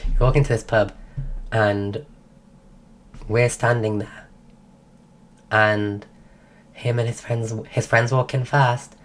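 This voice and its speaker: A woman hosting a livestream, telling a story casually and breaking off to greet viewers, acting out quotes in a higher voice. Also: fairly even intonation, takes it slowly, pauses often. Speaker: livestream host.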